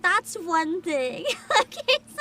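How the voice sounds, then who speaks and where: Excitable, giggly woman streamer, very high, lively pitch swings. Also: takes it slowly, heavy background noise. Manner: excitable, giggly, swears freely. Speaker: VTuber game streamer. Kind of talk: casual live-stream commentary. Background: game music.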